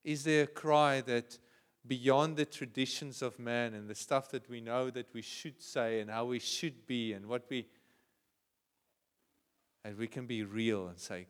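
South African pastor, reverberant church hall. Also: male voice, a little high, a little slow, clean tone. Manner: switches between hushed prayer and loud passionate cries. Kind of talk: sermon.

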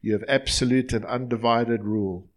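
A man's voice: mid-range voice, steady tone, normal speed. A male pastor leading his congregation in an earnest, line-by-line prayer during a sermon in a church.

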